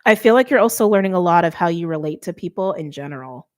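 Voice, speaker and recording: A woman's voice: on the low side, expressive, fast, darkish tone. A middle-aged woman giving a casual tarot reading, chatty and thinking aloud with many fillers. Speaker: tarot reader.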